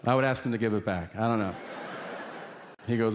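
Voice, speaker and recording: A man's voice: on the low side, fairly quick, very noisy. A man doing a stand-up comedy routine on stage, telling profane stories and acting out other people in shifted voices. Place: comedy stage before a live audience.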